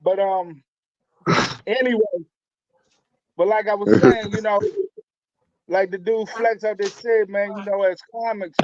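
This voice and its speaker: Male comic guest, high voice, relaxed, dull lo-fi call sound. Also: measured pace, pauses often, no echo. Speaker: stand-up comedian guest. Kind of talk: casual chat.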